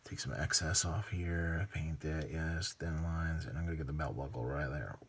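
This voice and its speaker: A man with a rumbling low voice hosts a hobby painting channel, talking at normal speed over slight background noise. While he paints, he keeps up casual running commentary to himself, mumbling, muttering and often drifting into murmurs and whispers.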